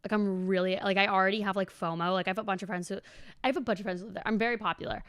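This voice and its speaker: A young woman in her twenties talks straight to her viewers in a loose, rambling vlog ramble. Her voice is smooth and clear, and the recording is dry and close, with no room sound. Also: mid-range voice, steady tone, racing, fairly bright tone, no room sound. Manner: rambling and chatty, heavy use of "like", swears casually. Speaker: vlogger. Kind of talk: casual chatty vlog.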